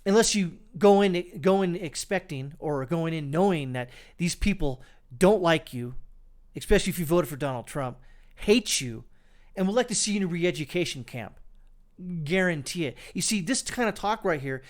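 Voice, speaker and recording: Male commentary host, slightly high, sarcastic and scornful, loose with fillers. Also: lively intonation, moderate pace. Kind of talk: political commentary reacting to clips and news.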